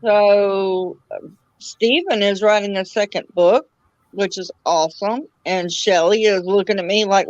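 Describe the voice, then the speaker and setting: A woman's voice: medium pitch, a little slow, a little mellow, dry recording. Bossy teasing woman on a dull, dry mic. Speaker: stream host. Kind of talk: casual chat.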